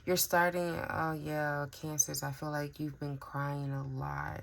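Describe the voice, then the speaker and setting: Very deep gravelly woman reading tarot. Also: flat delivery, a little slow, hardly any pauses, a bit bright, a little hiss or hum. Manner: chatty, musing aloud with fillers and sighs. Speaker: tarot reader. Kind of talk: casual intuitive tarot reading.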